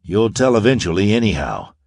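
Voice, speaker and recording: A man's voice: lowish voice, expressive, a little fast, a little mellow, dry recording, clean studio sound. A man voicing a confident young space hero in an audiobook, wry, clipped and commanding. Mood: cool.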